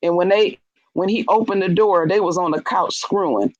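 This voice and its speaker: A woman's voice: lowish voice, normal speed, dry recording, muffled recording. A woman in casual chat, telling stories bluntly and animatedly with frank, salty language.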